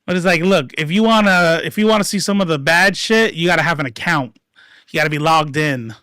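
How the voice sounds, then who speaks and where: A livestream commentator giving casual political commentary, profane and rambling, swinging between loud outbursts and mumbled asides. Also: mid-range voice, a little fast, no echo, studio quality.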